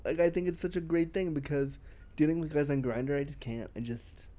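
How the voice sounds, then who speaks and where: A man in casual podcast chat, telling stories in a brash, animated way, swearing often and laughing. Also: on the high side, a little fast.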